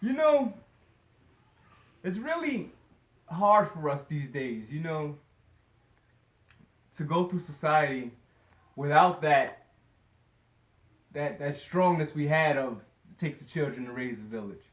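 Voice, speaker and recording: A man's voice: a little high, lively intonation, slow, pauses often. A man doing a first-time stand-up comedy set, rambling with lots of fillers and chuckling through his lines. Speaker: stand-up comic. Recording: echoey room with noise.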